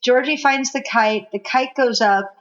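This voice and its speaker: A woman co-host chats about a film with real excitement and acts out scenes as she goes. Her voice sits a little high. The recording sounds somewhat dull and lo-fi. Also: a little slow, a loud crowd. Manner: gushing, animated, acts out quotes. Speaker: podcast co-host. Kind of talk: casual film discussion chat.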